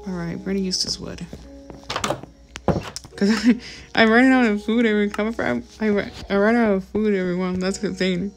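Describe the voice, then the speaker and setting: Young female gamer host, rambling chatty commentary, loud game music under her voice. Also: mid-range voice, fairly even intonation, moderate pace, long pauses. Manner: chatty, rambling, addresses viewers as guys. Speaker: gaming channel host. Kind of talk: casual gameplay commentary.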